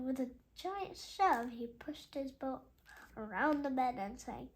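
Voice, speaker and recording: A woman reading a children's chapter book aloud, slowly and carefully, with small slips and chatty asides between passages. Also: sits high, lively intonation. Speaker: read-aloud host.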